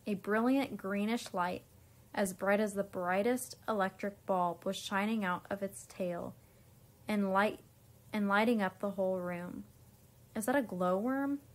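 Here a female teacher, her pitch medium and her tone steady, takes her time reading a kids' storybook out loud, occasionally stumbling and starting a line over.

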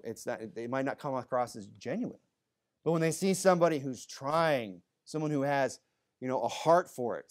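A man's voice: medium pitch, darkish tone. Guy preaching at church, chatty and rambly, mid-range voice, good-humored asides. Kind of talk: conversational sermon.

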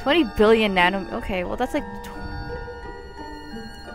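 A young woman talks through a game she is playing, in a chatty, joking way. Her voice sits fairly high and she takes her time, then breaks into loud outbursts. Faint game music plays behind her. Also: expressive, takes it slowly. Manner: chatty, jokey, sudden loud exclamations. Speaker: let's play gamer. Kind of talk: casual gameplay commentary.

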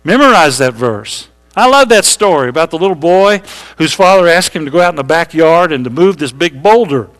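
Conversational preaching man, slightly high voice. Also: expressive, fairly bright tone, faint music behind. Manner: conversational preaching, reads scripture slowly, asks congregation questions. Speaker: pastor. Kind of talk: sermon. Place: church sanctuary.

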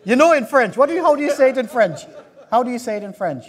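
High-pitched, fervent preacher man. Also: animated, fast, a faint crowd. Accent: British. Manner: fervent, calls out to the congregation and jokes. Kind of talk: lively sermon. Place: church hall.

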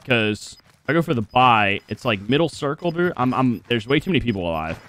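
Profane, excitable young gamer. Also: male voice, medium pitch, a little fast. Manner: profane, excitable, talks to himself. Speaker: gaming streamer. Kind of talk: live gameplay commentary. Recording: game sound mixed under voice.

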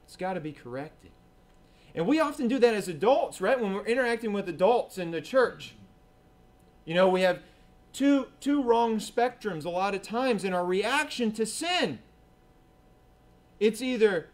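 A man with a fairly high voice delivers a sermon in church. His talk is casual and conversational. He acts out quoted voices and keeps asking the congregation "right?". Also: lively intonation, unhurried, a little hiss or hum. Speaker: preacher.

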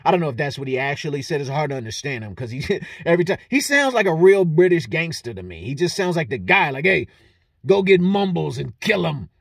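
A man giving a casual, animated fight breakdown, swearing freely and laughing often. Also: fairly high pitch, fast, hardly any pauses, no room sound, clean studio sound. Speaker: fight analyst vlogger.

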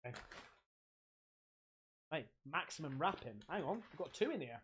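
A man's voice: a little high, moderate pace, slightly rough. Guy opening fan mail, hyped, swears a lot, voice jumps all over. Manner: excitable, swears freely, laughs often. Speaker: streamer host. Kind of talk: casual chat while unboxing fan mail.

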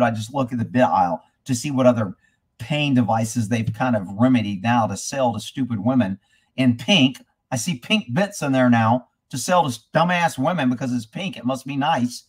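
A man's voice: fairly high pitch, slightly rough. A man hosting a live stream about horses, ranting bluntly and swearing freely, then reading viewer comments aloud. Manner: reads viewer comments aloud between rants. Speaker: livestream host answering horse questions. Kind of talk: casual live-stream rant.

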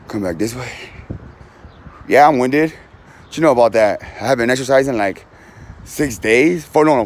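A man's voice: medium pitch, darkish tone. Young guy, casual outdoor vlog on a phone, loose slangy rambling, pokes fun at himself, faint outdoor noise behind. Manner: rambling, self-mocking, chatty slang. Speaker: vlogger. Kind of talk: casual vlog while doing yard work. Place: outdoors in a backyard.

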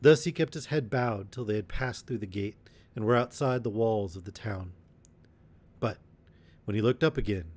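A man reads an old-fashioned adventure story aloud at bedtime, at a middling pitch. His reading is steady and measured, unhurried through the long old sentences. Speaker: narrator.

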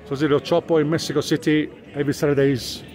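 A man's voice: a little high, level tone, quick pace, darkish tone, soft background music. A man, vlogging casually as he walks through a busy outdoor street market, chatting to the camera and to stallholders in broken Spanish. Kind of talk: casual walking vlog. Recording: noisy outdoor market crowd. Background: crowd chatter and passing traffic.

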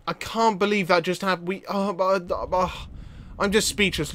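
High, bright-voiced excitable male gamer. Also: normal speed, slight background noise. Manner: loud excited yelling and laughing. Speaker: gaming video host. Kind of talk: excitable gameplay commentary.

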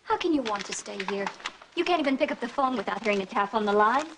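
An actress playing a gangster's wife, talking earnestly and pleadingly in a 1970s crime film. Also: female voice, a little high, lively intonation, fast, background noise.

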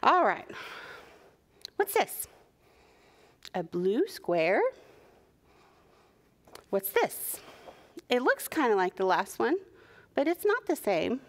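Young woman, children's librarian, slow and very expressive story time delivery. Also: a little high. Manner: animated, warm sing-song for young children. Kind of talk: preschool story time reading.

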